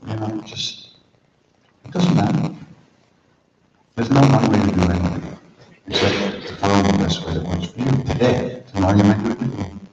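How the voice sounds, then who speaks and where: A man in his sixties leading a retreat workshop, telling stories in a relaxed, chuckling, conversational way. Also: fairly low pitch, a little fast, pauses often. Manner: conversational, chuckling, says "you know" often. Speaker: spiritual teacher leading a workshop. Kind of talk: storytelling workshop talk. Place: large retreat hall. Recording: echoey hall, distant dull mic, faint noise.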